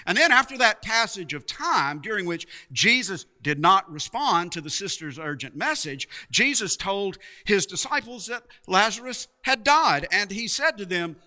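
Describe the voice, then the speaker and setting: A man preaching a sermon, slow and emphatic, with dramatic pauses and repeated words. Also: high-pitched, big pitch swings, pushed and bright.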